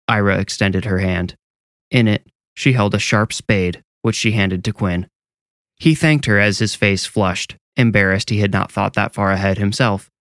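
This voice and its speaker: A man narrating a scripted horror story in a measured, deliberate way. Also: lowish voice, fairly even intonation, a bit bright, dry recording.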